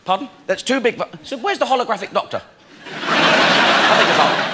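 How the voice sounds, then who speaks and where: A man's voice: high-pitched, lively intonation, brisk, long pauses, pushed and bright, a little hiss or hum. A man doing a chatty stand-up routine, telling a story and acting out both sides of each conversation. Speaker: stand-up comedian. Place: large theatre stage.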